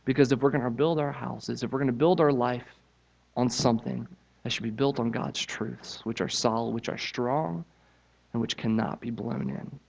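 A man's voice: medium pitch, vocal fry, a little mellow. Earnest male preacher, dull lo-fi sound. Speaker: pastor. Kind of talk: sermon.

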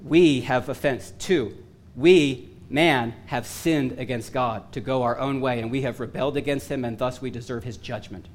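A man preaching a sermon, earnest and emphatic with touches of self-deprecating humor, his voice going hoarse. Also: medium pitch, normal speed. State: losing his voice.

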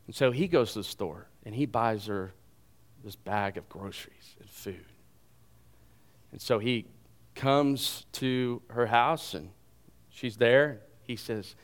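A man delivering a lively sermon to his congregation. He retells the scripture story with plenty of energy and playful asides, and his voice sits at a middle pitch. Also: slow, pauses often. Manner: storytelling, animated, adds humor. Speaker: pastor.

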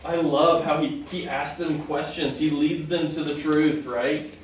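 A man's voice: on the high side, fairly even intonation, measured pace. A male preacher giving a conversational Bible teaching, often asking the audience questions. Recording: echoey hall from far off, faint noise.

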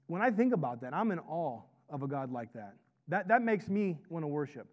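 A man preaching a sermon with a slightly high voice. He talks conversationally, often asks "right?" and draws the congregation in, as a pastor and chaplain. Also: sing-song, fairly quick, lo-fi sound.

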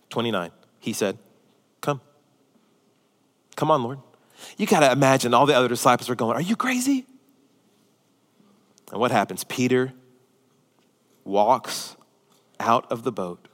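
A male pastor preaching a sermon, swinging from emphatic peaks to hushed, near-whispered passages and asking rhetorical questions. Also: medium pitch, big-room sound.

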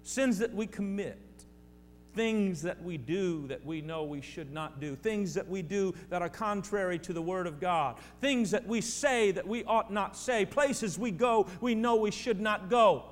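A man with a high voice, talking a little slowly, delivers a sermon as a pastor, hammering home repeated phrases and speaking directly to the people before him. The sound has a long hall reverb and faint hum.

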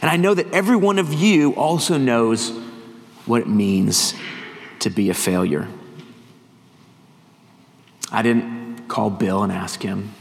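A middle-aged man, a visiting missionary, preaching a sermon, telling stories and quoting scripture with rising emphasis. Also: on the low side. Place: church hall. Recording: church hall reverb, faint noise.

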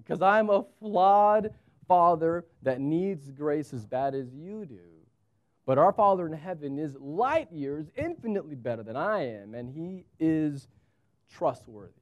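A man in his thirties, a pastor preaching a sermon with animated storytelling and wide swings in pitch. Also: muffled recording.

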